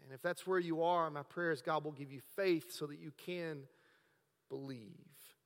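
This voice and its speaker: A man preaching a sermon as pastor, swinging between hushed, drawn-out words and emphatic, raised passages. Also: a little high, big-room sound.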